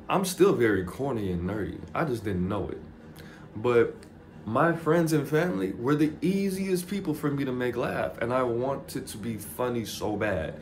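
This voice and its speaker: A man vlogging a casual motivational monologue, animated and jokey, swearing freely and poking fun at himself. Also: medium pitch, a little hiss or hum.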